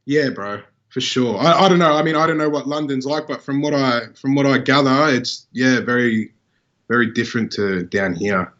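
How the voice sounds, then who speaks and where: A man's voice: medium pitch, moderate pace, a bit bright, dull audio. A man with an Australian accent, hosting a podcast in a laid-back, casual way with plenty of swearing. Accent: Australian English.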